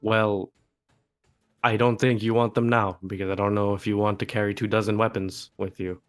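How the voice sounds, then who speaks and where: Low-voiced hesitant player. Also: male voice, flat delivery, soft background music. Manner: hesitant, halting with fillers. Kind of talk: casual tabletop play.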